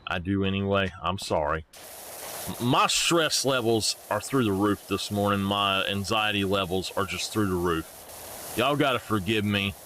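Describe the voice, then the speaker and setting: Over a little hiss or hum, a young man with a lowish voice talks unhurriedly to his live-stream audience as he games. His chatter is casual, animated and rambling, and he frequently laughs.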